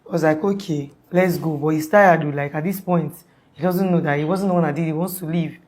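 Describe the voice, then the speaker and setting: A woman's voice: deep voice, steady tone, fast talker, a little mellow. A young woman recounting an emergency in a rambling, casual way with many restarts and "like"s. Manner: rambling, restarts often, uses "like" a lot. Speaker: guest telling her story. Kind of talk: casual storytelling in interview.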